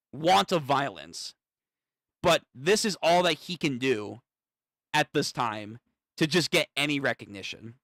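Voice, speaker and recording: A man streaming a live manga reaction, thinking aloud, swearing and getting excited as he reads. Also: fairly high pitch, no echo, clean studio sound.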